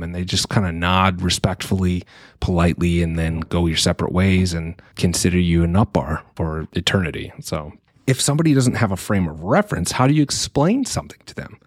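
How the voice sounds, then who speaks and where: A man's voice: sits low, dry recording, clean studio sound. A man in his thirties hosting a podcast, speaking earnestly in a reflective solo monologue and thinking aloud with frequent restarts.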